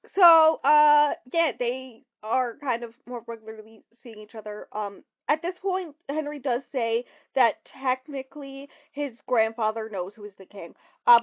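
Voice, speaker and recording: A woman co-hosting a podcast, casually recapping a film with lots of ums and quick acted-out quotes. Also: fairly high pitch. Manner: rambling, lots of ums, acts out quotes in bursts. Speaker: podcast co-host. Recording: dull lo-fi recording.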